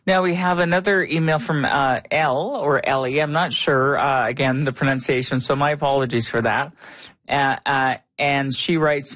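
A radio host chatting on a call-in show, curious and quick to laugh, reading emails and taking calls. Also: medium pitch, fairly bright tone, dry recording.

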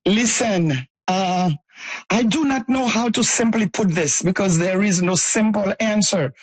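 A woman's voice: mid-range voice, unhurried, slightly rough, dry recording, poor audio. A woman from Haiti, an event organizer, speaking effusively as a tired radio interview guest and often reaching for words. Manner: effusive, searching for words with many fillers.

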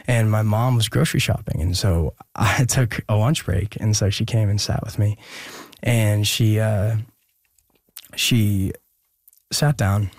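A young man from Oregon telling a personal story as an interview guest, earnest and hesitant, with many pauses and restarts. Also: lowish voice, steady tone, dry recording, clean studio sound.

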